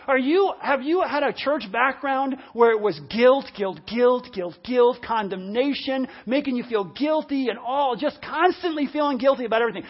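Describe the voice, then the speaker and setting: A preacher delivering a sermon, repeating key phrases and swinging between loud, forceful lines and hushed ones. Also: sits high, normal speed, few pauses, highs cut off.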